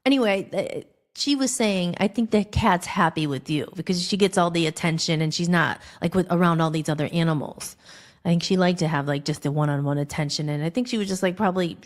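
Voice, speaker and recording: A woman hosting a podcast, telling a personal story in a rambling, animated way, acting out the dialogue. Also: lowish voice. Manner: rambling, animated, acts out quoted dialogue with filler "like". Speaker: podcast host.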